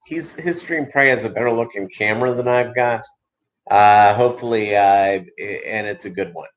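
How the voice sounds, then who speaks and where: A man's voice: fairly low pitch, normal speed. Rambling man on a dull lo-fi stream. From Minnesota, US. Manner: rambling, many filler ums and uhs. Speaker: livestream host. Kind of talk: casual livestream chat.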